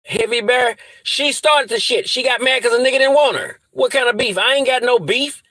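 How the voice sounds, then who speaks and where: Speaking at normal speed in a very high, sharp voice, a vlogger from the US Midwest delivers an angry rant to camera. He's profane and threatening toward his viewers and repeats insults again and again. The audio quality is poor.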